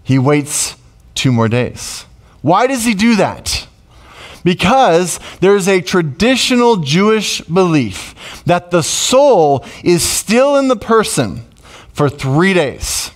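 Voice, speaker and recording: A middle-aged man preaching a sermon as pastor, conversational and emotional, with sudden loud rises. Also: high-pitched, sing-song, slow pace.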